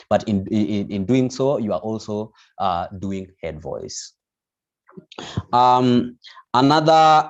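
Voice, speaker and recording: A man teaching an online vocal lesson, explaining patiently with many restarts. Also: mid-range voice. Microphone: video call. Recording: dull lo-fi video call audio.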